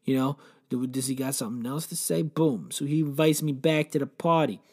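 A man's voice: mid-range voice, fairly even intonation, fairly quick, husky. A man hosting a comedy podcast, telling a crude, rambling, profane story in a brash, joking rant.

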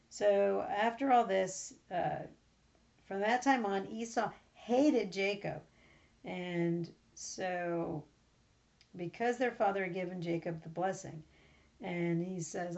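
A woman's voice: medium pitch, takes it slowly, vocal fry, darkish tone. A woman hosting a podcast, recapping a Bible reading in a chatty, rambling, informal way. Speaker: podcast host. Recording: slightly muffled recording.

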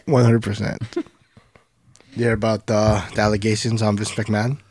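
A man's voice: lowish voice, little pitch movement, moderate pace, darkish tone, a little hiss or hum. A man co-hosting a podcast in casual chat, mostly giving short laid-back replies. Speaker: podcast co-host.

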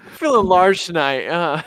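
A man's voice: high-pitched, slow, dry recording, clean studio sound. A young man co-hosting a podcast, telling a funny story in casual chat, laughing often and acting out the people in it. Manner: animated storyteller, laughs often, acts out voices. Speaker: podcast co-host.

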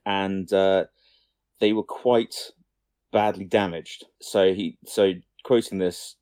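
A man's voice: deep voice, fairly even intonation, slow pace, darkish tone, dry recording, studio quality. A young man co-hosting a casual film-news podcast, rambling, swearing lightly and often abandoning sentences halfway. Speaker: podcast co-host.

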